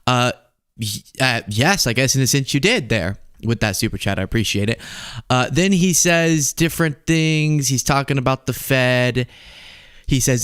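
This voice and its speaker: Male host with a Texan accent, mid-pitched voice, dry close mic, sarcastic and animated commentary. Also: moderate pace, clear, resonant tone, no echo. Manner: sarcastic, animated, laughs at his own points. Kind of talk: casual political commentary.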